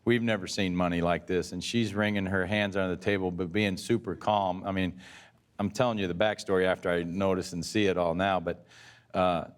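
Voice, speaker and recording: A man in his sixties, a former pitcher, telling rambling stories in a casual interview and often correcting himself mid-sentence. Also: steady tone, brisk. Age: 60s. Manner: rambling, self-correcting storyteller.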